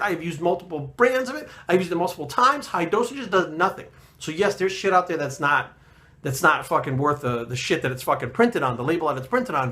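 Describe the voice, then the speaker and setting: A man's voice: sits high, fairly bright tone. A man in his thirties, a fitness trainer ranting to camera in a profane, aggressive, emphatic way. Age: 30s. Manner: aggressive, swearing constantly, emphatic.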